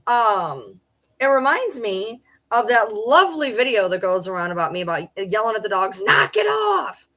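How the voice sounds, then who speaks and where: A middle-aged woman talks casually to the viewers of her live stream. She is blunt and swears freely, and now and then she breaks into a loud yell. Her voice sits at an ordinary middle pitch. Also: lively intonation, moderate pace. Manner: blunt and profane, with loud yelled bursts. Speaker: streamer reading chat.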